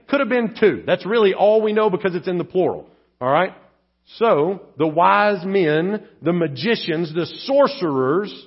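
Man, pastor, sermon, husky voice, conversational asides, muffled lo-fi recording. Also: sits high. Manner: conversational, rhetorical tag questions. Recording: dull lo-fi church audio.

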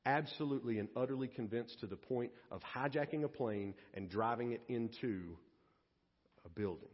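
A man preaching a sermon as pastor, dramatic, swinging between loud bursts and hushed low passages. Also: normal speed. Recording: dull lo-fi audio with long church reverb.

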